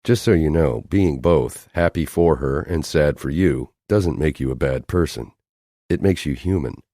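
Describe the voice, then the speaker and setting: A man voicing a hard, brooding male agent in an audiobook, blunt and needling in a low, controlled voice. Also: measured pace, warm tone, no echo, clean studio sound, exaggerated voice. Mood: low intense.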